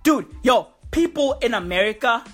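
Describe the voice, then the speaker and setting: A woman's voice: a little high, expressive, normal speed, a bit bright, soft background music. A woman delivering a profane, mocking comedy rant full of slang.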